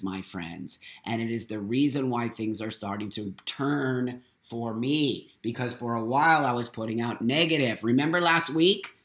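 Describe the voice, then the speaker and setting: A man's voice: mid-range voice, pushed and bright. Profane, preachy middle-aged man, echoey room. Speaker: live-stream host. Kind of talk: casual live-stream monologue.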